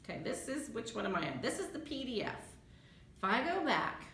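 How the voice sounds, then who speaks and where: A woman's voice: fairly high pitch, big pitch swings, fairly quick, fairly bright tone, slight background noise. A woman librarian giving a chatty screen-share tutorial, thinking aloud as she clicks through a research tool. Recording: echoey room.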